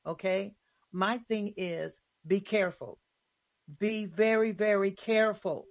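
A woman's voice: mid-range voice, unhurried, no room sound, dull audio. A woman hosting a casual faith talk show, speaking emphatically and repeating her points.

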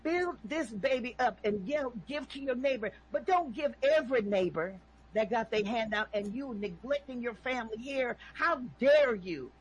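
Husky-voiced woman ranting hard on a call-in show, preachy, keeps checking in with okay. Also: fairly high pitch, moderate pace, muffled recording. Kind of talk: impassioned opinion talk.

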